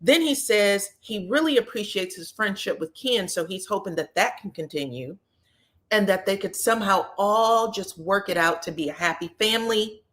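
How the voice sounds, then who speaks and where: A woman's voice: medium pitch, normal speed. A woman talking bluntly and with sass in a casual recap, dropping in quoted lines in shifted voices. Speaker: recap commentator.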